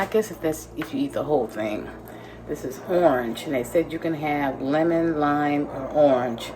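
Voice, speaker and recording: A woman's voice: low voice, noisy background. A woman vlogging from her home kitchen, chatting casually to her viewers as she prepares food. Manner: chatty, talks to viewers while cooking.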